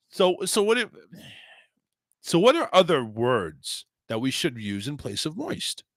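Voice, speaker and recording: A man's voice: slow pace, long pauses, dry recording. A man hosting a radio talk show, teasing and joking crudely in casual studio chat. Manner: playful, crude, teasing, very lively pitch.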